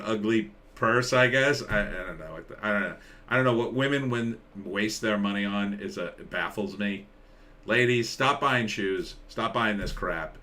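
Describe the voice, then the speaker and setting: A man's voice: on the low side, bright, forceful tone. A man hosting a live stream, giving casual, sarcastic commentary and reading out viewer comments. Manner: sarcastic, rambling, reads out chat comments.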